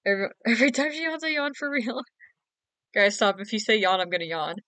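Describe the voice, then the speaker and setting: A woman's voice: mid-range voice, brisk, pushed and bright, no echo. A young woman chatting casually on a late-night game stream, giggly, teasing and sleepy. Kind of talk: casual live-stream chat.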